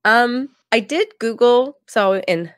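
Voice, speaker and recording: Lively, giggly woman podcast co-host. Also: fairly high pitch, slow pace, no echo, clean studio sound. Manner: animated, giggly, quotes lines in put-on voices. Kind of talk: casual chat.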